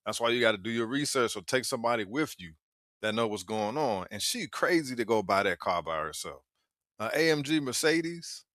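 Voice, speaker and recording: A man's voice: medium pitch, expressive, brisk, fairly bright tone, dry recording, studio quality. A man hosting, reacting to clips in a casual way with short exclamations and warnings to his viewers.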